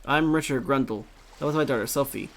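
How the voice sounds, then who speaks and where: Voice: medium pitch, brisk, creaky, fairly bright tone, a little hiss or hum. A gamer voicing an easygoing middle-aged dad. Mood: calm. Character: easygoing middle-aged father on a ship trip.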